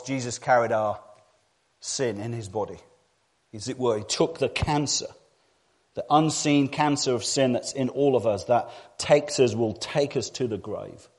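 A man preaching in a church, his voice sitting at an ordinary middle pitch. He moves between quiet, low stretches and loud, emphatic climaxes, often repeating a phrase to drive it home. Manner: dramatic, swinging from hushed low passages to loud emphatic peaks. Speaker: pastor. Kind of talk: sermon.

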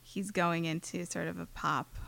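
A woman co-hosting a podcast in casual chat, deadpan and playful. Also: lowish voice, moderate pace, gravelly. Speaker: podcast co-host.

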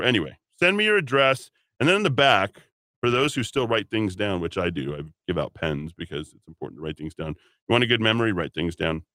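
A male talk radio host holds forth in a loose, rambling monologue full of sarcastic asides. His voice sits a little low but comes across bright and forceful. He is recorded in a dry, close studio sound. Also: dry recording.

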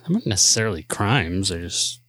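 A man's voice: deep voice, sing-song, moderate pace, fairly bright tone, slightly rough, no room sound. Laid-back male podcast co-host, dry sound. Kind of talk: casual podcast banter.

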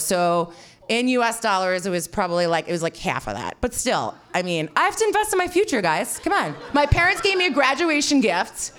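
A woman telling a personal story, animated and self-mocking, swearing freely and filling her talk with "like". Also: on the high side, a little fast. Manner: animated, swearing, heavy filler "like"; self-mocking, frequent laughter.

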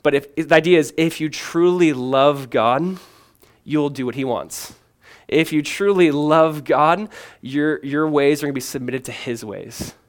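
Earnest pastor preaching, man with raised pitch. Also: a little slow. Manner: earnest and emphatic, asks and answers questions, swings from loud to hushed; conversational, drops in "man". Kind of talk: sermon.

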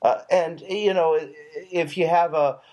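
A man's voice: on the high side, steady tone, measured pace, a little mellow. A man co-hosting a casual conversation, thoughtful and building on his partner's points.

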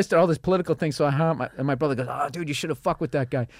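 A man telling work stories in a casual podcast chat, swearing freely and loudly acting out the people he quotes. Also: on the high side, racing, hardly any pauses, no room sound, clean studio sound. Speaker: comedian guest.

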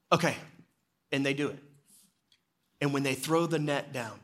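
A man preaching a sermon in a church sanctuary, telling the story in an easy, conversational way. His pitch sits mid-range for a man. At the solemn parts he sinks lower and quieter. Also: normal speed. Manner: storytelling, drops low and quiet for solemn moments. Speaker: executive pastor.

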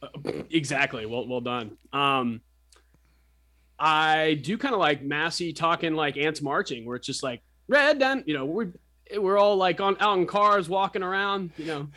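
A man's voice: on the high side, sharp tone. Teasing, rambling male radio co-host. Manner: teasing, rambling, quick to laugh. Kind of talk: casual sports radio banter.

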